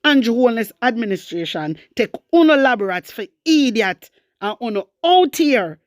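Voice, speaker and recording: A woman with a Jamaican accent giving scornful, animated political commentary, mixing patois with English. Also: on the high side, moderate pace, dry recording, studio quality. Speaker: commentary vlogger.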